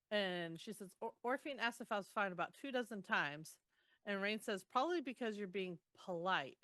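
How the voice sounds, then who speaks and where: A woman's voice: medium pitch, normal speed, dry recording. Woman recapping a book, dry close sound. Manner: animated retelling, groans and laughs. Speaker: podcast co-host. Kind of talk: casual book recap chat.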